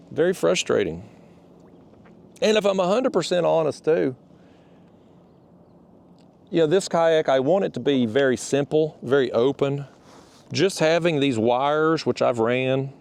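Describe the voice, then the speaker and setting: A man's voice: mid-range voice, vocal fry, a little mellow. A man talking casually while fishing from a kayak outdoors, rambling and a bit out of breath. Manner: rambling, restarts, folksy phrasing. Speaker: fishing vlogger.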